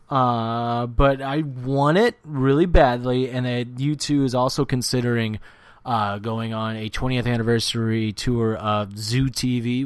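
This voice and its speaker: A man co-hosting a casual podcast, rambling through his music picks and teasing his co-host as he goes. His voice is recorded close and dry, with no room echo. His speaking pitch sits in the middle range for a man. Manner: rambling, teasing, lots of fillers. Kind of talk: casual chat about music.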